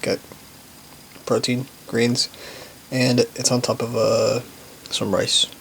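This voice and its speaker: Brief: young male vlogger, gravelly and mid-pitched, easygoing rambling chat, faint noise behind. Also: slow pace, rough recording. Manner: relaxed, rambling and reflective, with many likes and uhs. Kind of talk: casual vlog chat.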